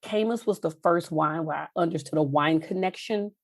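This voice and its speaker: A middle-aged woman from Texas, a podcast guest telling heartfelt stories, her pitch jumping up when she gets animated. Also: moderate pace, gravelly, dry recording. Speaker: podcast guest, wine journalist. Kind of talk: emotional storytelling interview.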